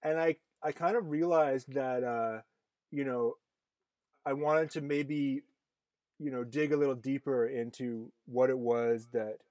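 A man's voice: medium pitch, fairly even intonation, measured pace, darkish tone, dry recording. Chatty man hosting a podcast. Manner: rambling, many fillers and restarts. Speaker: podcast host. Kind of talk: casual conversation.

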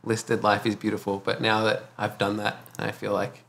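A man on a podcast panel, casually describing films and pausing to search for words. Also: lowish voice, completely flat delivery, vocal fry, a bit bright. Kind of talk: casual group chat.

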